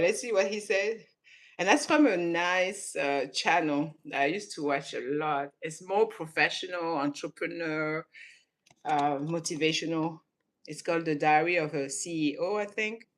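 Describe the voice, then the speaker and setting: A woman from Senegal, raised in southern France, giving casual reaction commentary and laughing often between emphatic remarks. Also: lowish voice. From born in Senegal, raised in southern France. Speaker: vlogger reacting to clips.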